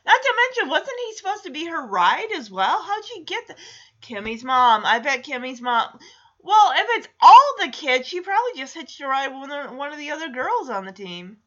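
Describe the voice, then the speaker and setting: A woman's voice: high-pitched, very animated, moderate pace, pushed and bright, muffled recording. A woman chatting casually through a TV episode recap, playfully acting out the characters' lines. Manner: chatty, acts out quotes, laughs often.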